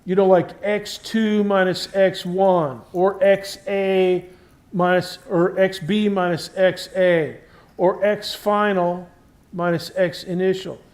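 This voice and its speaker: A man's voice: high-pitched, level tone, slow, darkish tone. A man giving a university physics lecture in a conversational classroom style, often checking in with the class and stressing key terms. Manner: stresses key words while explaining.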